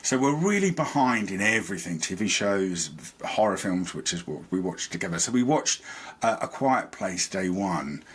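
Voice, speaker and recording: A man's voice: low-pitched, very animated, moderate pace, slightly rough. A man, a podcast guest, chatting casually and rambling about things he is a fan of. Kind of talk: casual chat.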